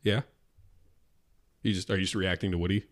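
A man's voice: low-pitched, little pitch movement, brisk. Man joking around as co-host. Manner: joking, playful riffing. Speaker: podcast co-host. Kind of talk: casual comedic chat.

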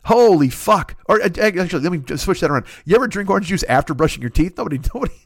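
A man's voice: high-pitched, animated, rapid-fire, gravelly, no room sound, studio quality. A middle-aged man on a podcast, rambling through a crude, profane comedic rant and laughing at his own jokes. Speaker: podcast host.

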